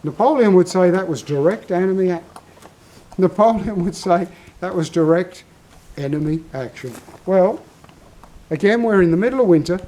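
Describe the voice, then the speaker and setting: A man's voice: fairly high pitch, mellow, rough recording. An older Australian man telling a long story in a casual vlog, drifting off on tangents. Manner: rambling, self-interrupting storyteller. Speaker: vlogger.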